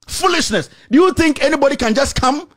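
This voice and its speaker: A man with a Ghanaian accent delivering an angry, insulting rant to the camera, repeating himself and shouting. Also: extremely high pitch, expressive, fairly quick. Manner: shouting, insulting, repetitive tirade. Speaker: political commentator.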